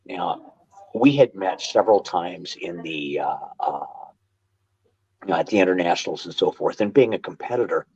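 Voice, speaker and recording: An older man telling stories as a podcast guest, animated and quick to restart his sentences, on dull lo-fi audio. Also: sits low, breathy edge. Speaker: guest, martial arts instructor. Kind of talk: casual storytelling interview.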